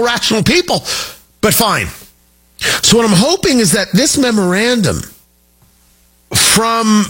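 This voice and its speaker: Man, talk radio host, husky bright voice, animated and emphatic, studio mic. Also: high-pitched, unhurried, soft background music. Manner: animated, emphatic, joking asides. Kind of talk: opinionated talk radio monologue.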